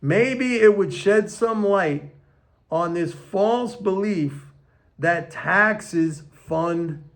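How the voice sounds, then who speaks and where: Emphatic older man commenting on economics. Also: high voice. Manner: emphatic, slows down to stress points. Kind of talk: casual opinion monologue. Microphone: camera on tripod.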